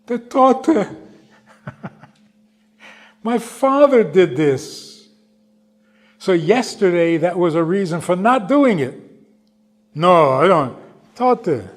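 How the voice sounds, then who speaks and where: A man voicing a stubborn older immigrant man in his seventies, who talks haltingly and repeats himself. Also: on the high side, sing-song, a little mellow, slightly rough, heavily acted. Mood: emotional.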